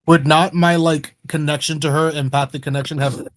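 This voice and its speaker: A man's voice: fairly high pitch, steady tone, moderate pace, no echo. A man playing in a tabletop role-playing game, asking questions in a laid-back way full of fillers. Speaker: player. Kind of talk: casual tabletop game chat.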